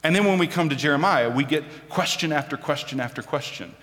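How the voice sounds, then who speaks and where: A man's voice: fairly high pitch, fast, hardly any pauses, a bit bright, long reverb tail. A man preaching a sermon, telling a personal story with self-deprecating humor.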